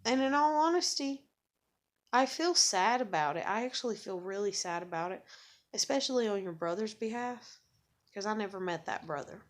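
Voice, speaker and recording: A woman venting in an angry, profane vlog monologue, blunt and bitter, often repeating words as she gets worked up. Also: mid-range voice. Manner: heavy swearing, bitter and blunt; repeats and restarts words when agitated. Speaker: vlogger. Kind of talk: angry ranting monologue to camera.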